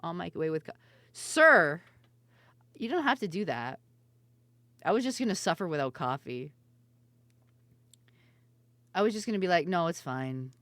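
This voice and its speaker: Low-voiced woman streamer, loud and laughing. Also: very animated, normal speed, pauses often, dry recording. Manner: loud, laughing, swears freely. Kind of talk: casual live-stream chat.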